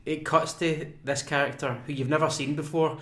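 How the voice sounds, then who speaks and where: A man's voice: on the high side, steady tone, normal speed, pushed and bright. A man co-hosting a podcast, talking casually with many ums and little laughs. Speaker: podcast co-host. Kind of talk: casual chat. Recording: roomy echo.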